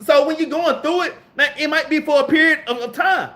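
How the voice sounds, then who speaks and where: A man's voice: very high-pitched, a little fast, hardly any pauses, pushed and bright. A man preaching a casual, slangy Bible lesson, reading verses aloud and then explaining them, saying "man" and "all right?" again and again. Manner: reads scripture aloud and then riffs on it. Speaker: preacher teaching a Bible class. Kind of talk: street-style sermon.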